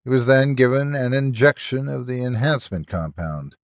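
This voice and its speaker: A man narrates a scripted horror story with measured, expressive delivery. His pitch sits in the middle for a man but moves lively. The recording is dry and close, with no room sound. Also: no echo.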